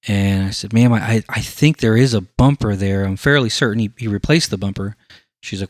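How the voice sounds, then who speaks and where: A man's voice: fairly low pitch, normal speed, no echo. Male podcast host, casual storyteller, acts out quoted voices; dry, close sound.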